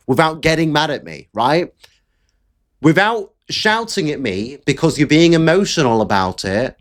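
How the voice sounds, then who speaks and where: A man hosting political commentary, talking bluntly and with frequent swearing in an exasperated rant. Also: a little high. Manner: blunt, profane, exasperated ranting.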